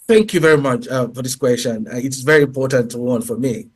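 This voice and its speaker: A man's voice: mid-range voice, brisk. A man speaking as a guest in an interview, talking emphatically and peppering his answers with "you know" and "okay". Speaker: guest speaker, English teacher.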